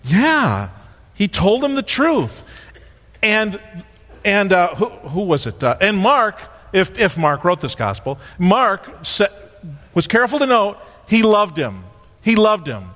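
A man delivers a sermon with a bright, high voice that leaps up and down as he acts out the people in his stories. His words ring out with a long echo, as if filling a large church sanctuary. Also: slow. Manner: animated storytelling, acting out voices. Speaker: pastor. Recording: long hall reverb.

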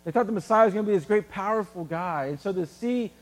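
A man preaching a sermon in a casual, animated way, using everyday examples. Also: high voice, fast, long reverb tail. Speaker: pastor.

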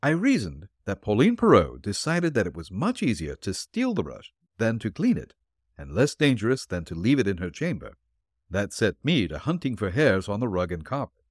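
A man reading the part of a calm, shrewd male detective who explains his clues dryly. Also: on the low side, no room sound. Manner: dry, explanatory, deliberate.

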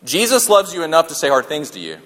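A man's voice: on the high side, wildly swooping pitch, fast, fairly bright tone. A man preaching a sermon in a conversational way, repeating key lines for emphasis and joking along the way. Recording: long hall reverb.

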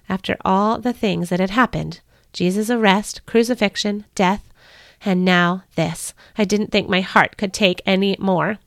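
A woman hosting a devotional podcast, reading a first-person story in an earnest, measured way. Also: medium pitch, steady tone, gravelly, no echo, clean studio sound.

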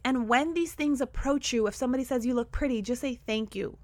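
A woman's voice: sits high, fast, dry recording. A woman hosting a motivational podcast, talking energetically and emphatically, repeating key words. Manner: energetic, enthusiastic, emphatic repetition. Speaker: podcast host.

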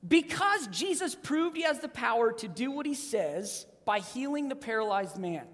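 A preacher in their thirties or forties gives a sermon, swinging between loud emphasis and hushed, low, weighty lines. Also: big pitch swings, normal speed. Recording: long reverb of a large hall.

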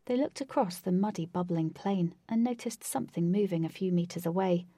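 A woman narrating a storybook in a steady, descriptive reading. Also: lowish voice, brisk, no room sound.

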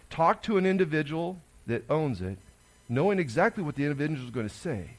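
A man, a pastor giving a conversational sermon that swings between loud emphasis and hushed asides. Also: medium pitch.

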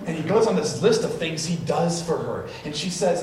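A man preaching a sermon, animated as he acts out what people said. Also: a little high, normal speed, hardly any pauses. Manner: animated storytelling, acts out quotes. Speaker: pastor. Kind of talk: sermon with live demonstration. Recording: echoey hall, distant mic, noisy.

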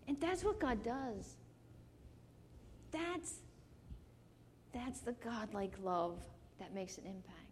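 A woman's voice: a little high, mellow, in a large hall, slight background noise. A woman preaching a sermon, telling a personal story earnestly and growing emotional. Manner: earnest, rising to emotional intensity.

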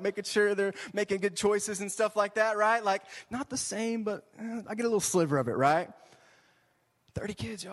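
Young guy youth pastor preaching, high voice, super chatty, lots of y'all and right, long echo off the hall. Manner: chatty, animated, says "y'all" and "right?" often. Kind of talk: casual sermon.

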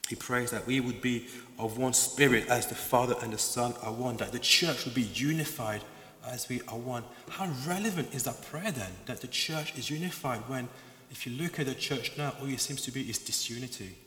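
A male preacher delivers a passionate sermon, piling up emphatic repeated phrases. His voice is bright and forceful. The sound rings around a large hall with a long, roomy reverb. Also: medium pitch, moderate pace.

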